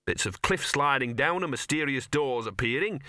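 A scruffy, cynical male talking dog with a gloomy, knowing way of dragging out his words, as a man puts him on. The voice is bright and forward. The recording is dry and close. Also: medium pitch, animated, no room sound, pitched above the performer's own voice. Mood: ominous. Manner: gloomy, knowing, drawn-out working-class talk.

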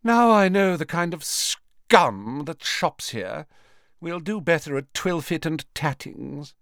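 A man's voice: a little high, animated, takes it slowly, fairly bright tone, no echo, pitched above the performer's own voice, exaggerated voice. A man voicing a haughty, contemptuous aristocratic mother, in a dry recording. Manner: contemptuous, cool.

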